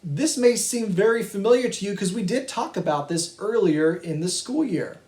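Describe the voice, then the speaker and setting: High-voiced man teaching young kids. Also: expressive, normal speed, darkish tone. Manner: patient and encouraging, addressing young children and families. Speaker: music teacher. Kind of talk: virtual kindergarten lesson. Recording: echoey room.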